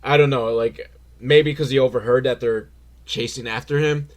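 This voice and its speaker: A man's voice: medium pitch, fairly even intonation, normal speed. Sarcastic, rambling man in his forties. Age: 40s. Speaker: film reviewer. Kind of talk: comedic film commentary.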